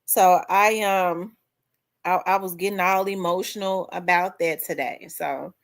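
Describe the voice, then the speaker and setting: A woman hosts a casual talk show. Her voice sits a little low. She tells her story in an emotional, rambling way, with many restarts. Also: fairly even intonation, a little slow. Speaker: host. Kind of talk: casual chat.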